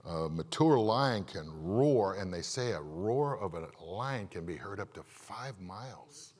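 A male pastor giving an animated sermon in church, asking the congregation questions and acting out stories. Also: deep voice, measured pace. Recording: long reverb of a large hall.

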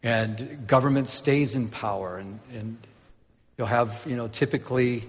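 Casual male Bible teacher, lively, stumbles and laughs, mid-pitch, echoing hall. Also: unhurried. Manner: animated, laughs at his own jokes, many restarts. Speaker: preacher.

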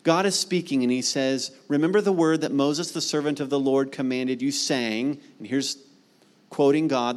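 A man's voice: medium pitch, moderate pace. A man pastor preaching a sermon, reading scripture aloud and then pleading earnestly with his listeners, asking questions and answering them. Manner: earnest preaching, rising questions then soft emphatic pleas.

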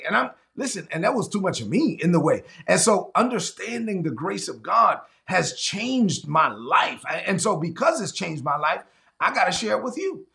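A man's voice: high-pitched, sing-song, moderate pace, creaky, bright, forceful tone. A man preaching a sermon, earnest and confessional, often repeating and restarting his phrases.

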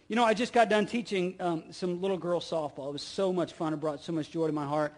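A middle-aged male pastor preaching a sermon, repeating key phrases, asking the listeners rhetorical questions, and swinging from loud emphasis to soft asides. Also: on the high side, fairly even intonation, fast talker, few pauses.

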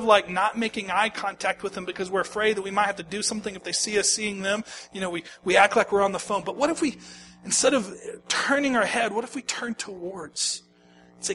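High, bright-voiced preacher. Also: male voice, brisk, a little hiss or hum. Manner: animated preaching, swings from shouting to near-whisper. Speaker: pastor. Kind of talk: sermon.

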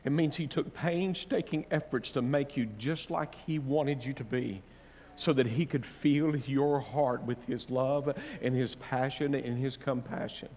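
Preaching in a large hall, a man holds a steady tone at medium pitch and a measured pace. He moves between booming, fervent declarations and quiet, tender counsel, now and then joking with the congregation.

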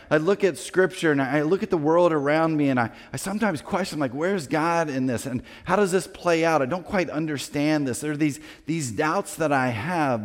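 Male pastor, storytelling sermon, acts out quoted voices, slightly high voice, long hall reverb.

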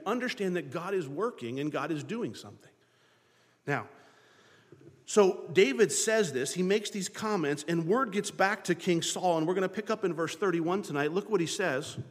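A man preaching a sermon, lively, acting out the voices of biblical figures to his congregation. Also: sits high, normal speed, big-room sound. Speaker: pastor.

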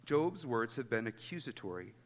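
A man's voice: mid-range voice, big pitch swings, normal speed, long reverb tail, a little hiss or hum. A pastor giving an earnest expository sermon, citing chapter and verse as he goes.

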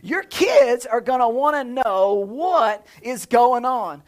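A man in his thirties preaching a sermon in a lively, conversational way, with jokes and playful sound effects. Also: extremely high pitch, slow pace. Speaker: pastor.

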